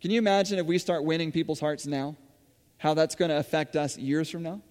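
A man with a somewhat high voice preaches in a relaxed, chatty way, with plenty of fillers and restarts as he tells his stories. The sound carries a long reverb from a church hall. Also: a little fast. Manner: conversational, with frequent fillers and restarts. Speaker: church speaker running a school farm. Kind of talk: sermon-style storytelling.

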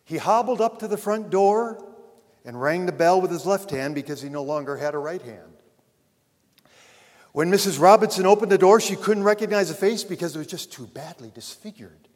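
A man preaching a sermon, telling a story and then addressing his congregation earnestly, rising loud and falling to a hush. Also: on the high side, animated, brisk. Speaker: pastor. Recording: long reverb of a large hall.

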